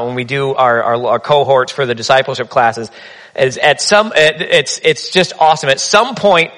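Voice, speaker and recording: A man's voice: mid-range voice, fairly bright tone. A man preaching a sermon in a conversational, humorous storytelling manner. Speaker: pastor.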